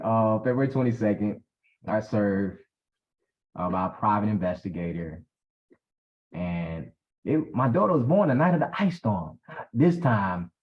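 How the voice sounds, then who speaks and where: A man, telling a personal story as a guest, emphatic and acting out the dialogue. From South Carolina. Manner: animated, emphatic, acts out dialogue with big pitch swings. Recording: dull lo-fi audio.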